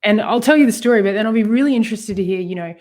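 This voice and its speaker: Her mid-range voice comes out rapid-fire as she co-hosts a personal discussion about healing. She tells lively stories, laughs a lot, and leans heavily on fillers.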